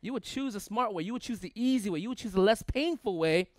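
A man's voice: high voice, lively intonation, quick pace, dry recording, studio quality. A male pastor preaching a sermon in a conversational way, asking his listeners rhetorical questions and building long emphatic lists.

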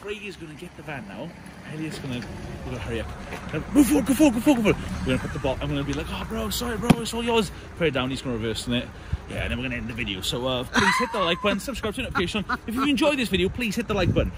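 A young British man vlogging to camera in quick, giggly, hurried asides. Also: a little high, sing-song. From United Kingdom. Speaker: prank vlogger. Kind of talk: casual vlog talk to camera. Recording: loud street and traffic noise.

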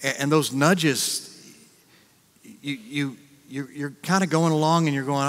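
A man with an American accent, a pastor preaching a sermon in a conversational way, acting out quick reactions and repeating words. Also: on the high side, steady tone, a bit bright. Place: church sanctuary. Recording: long reverb of a large church.

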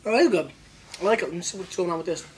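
An excitable man hosts a casual wine tasting. He talks in loose, slangy riffs and playfully jumps from one flavor to the next. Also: high-pitched, racing, a little hiss or hum. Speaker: wine show host.

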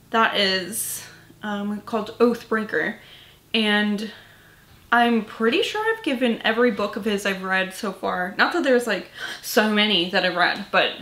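A woman's voice: a little high, fairly bright tone, roomy sound. A woman vlogging about books in a casual chat, tired and rambling, swearing casually and filling her talk with "like" and "um". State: tired, yawning. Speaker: book vlogger.

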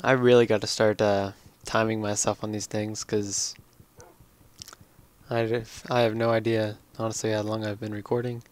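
A tired young man slowly rambling through casual commentary on his own game. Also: fairly low pitch, level tone. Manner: slow, drowsy, rambling. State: tired, yawning. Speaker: let's play gamer.

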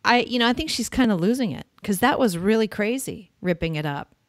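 A woman's voice: mid-range voice, expressive, brisk, no room sound. Opinionated female host with a mid-range voice and a dry, close sound. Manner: blunt and opinionated. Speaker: podcast host. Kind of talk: casual political chat.

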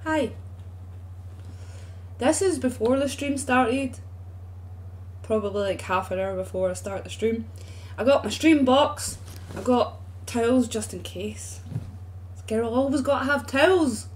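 A woman's voice: fairly high pitch, measured pace, long pauses, slight background noise. A young woman chatting casually and bluntly to her viewers on a live stream, swearing freely, into a streaming microphone at home.

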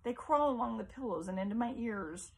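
A woman's voice: on the high side, animated, fairly quick, vocal fry, breathy edge, voice pushed up, exaggerated voice. A woman voicing a frail, confused, imperious mother who turns plaintive and then suspicious. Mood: fretful.

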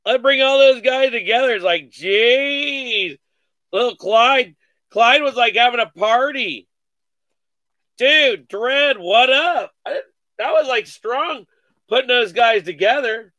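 Man, card break host, unhurried delivery, excited slangy calls, bright tone. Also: extremely high pitch, no room sound, lo-fi sound. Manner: excited, calls out cards rapidly with slang and cursing. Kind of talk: live card break commentary.

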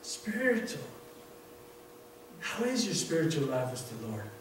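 A man giving an informal sermon as a church elder, telling a story from work with many halting restarts. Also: mid-range voice, big pitch swings, recorded from a distance. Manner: repetitive, halting restarts, conversational. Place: church sanctuary. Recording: very echoey room, voice off-mic, faint noise.

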